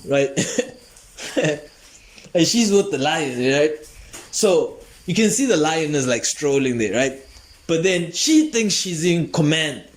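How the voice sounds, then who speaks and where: A man's voice: on the high side, expressive, takes it slowly. A man hosting a comedy podcast, telling a rambling, profane story and laughing often. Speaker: podcast host.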